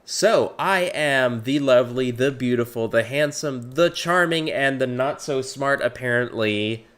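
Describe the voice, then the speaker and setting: A man's voice: medium pitch, unhurried, few pauses, a bit bright. A man hosting a livestreamed tabletop game, talking in a playful, goofy way. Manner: playful, goofy, laughing a lot. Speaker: host. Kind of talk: casual chat hosting a livestream.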